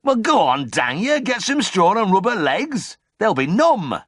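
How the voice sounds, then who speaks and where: A man's voice: very deep voice, lively intonation, unhurried, dry recording, studio quality, voice pushed down, exaggerated voice. A man voicing a bad-tempered old male farmer, blunt and swearing, in an audiobook. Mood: furious. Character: sour, grumbling old male Yorkshire farmer.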